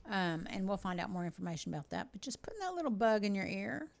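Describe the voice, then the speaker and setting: A woman's voice: mid-range voice, very animated, creaky. Chatty, upbeat woman co-host. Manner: chatty and upbeat, quick asides. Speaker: co-host of a local TV talk show. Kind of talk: casual chat reading community announcements.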